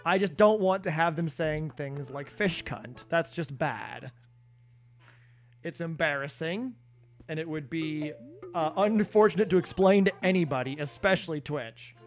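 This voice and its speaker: A man's voice: fairly high pitch, unhurried, faint music behind. A man live-streaming a video game, chatting casually with viewers in a rambling, self-deprecating way. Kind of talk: casual live-stream chat while gaming.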